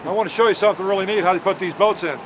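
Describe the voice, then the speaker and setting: A man's voice: high-pitched, racing, poor audio. A man hosting a fishing trip on camera from a boat, enthusiastic and joking in casual chat. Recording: loud boat engine and water noise.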